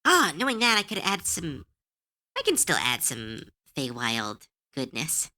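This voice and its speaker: Giggly woman streamer, bright lively voice. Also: sits low, unhurried. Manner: giggly, chatty and self-deprecating. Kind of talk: casual livestream chat.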